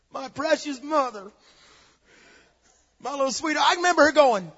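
Male preacher, high raspy voice, storytelling sermon, emphatic shouts, dull lo-fi recording. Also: big pitch swings, a little fast.

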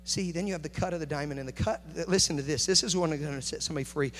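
A man preaching a sermon, moving between quiet, confiding talk and loud, rising passion. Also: fairly high pitch, very fast, hardly any pauses. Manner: builds from hushed to shouting intensity. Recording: echoey hall with faint hum.

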